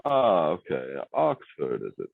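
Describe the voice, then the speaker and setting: A man's voice: a bass voice, wildly swooping pitch, unhurried, creaky, no echo, heavily acted. A man voicing a pompous, self-satisfied Oxford professor with a put-on upper-class English accent, over a tinny, phone-like line. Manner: affected, plummy, self-satisfied. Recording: dry tinny phone-like sound.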